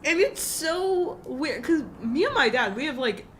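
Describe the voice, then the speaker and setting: A woman's voice: high voice, very animated, unhurried, a bit bright, slight background noise. A young woman co-hosting a podcast, in casual chat full of "like" fillers, giggles and swearing. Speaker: podcast co-host.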